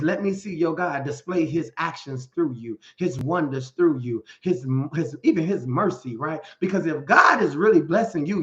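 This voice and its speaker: A man's voice: high-pitched, fairly bright tone. A man as a life coach, giving a motivational talk with Bible readings. He speaks in an emphatic, slangy, rhetorical way and keeps asking "right?". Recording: echoey room, dull lo-fi sound.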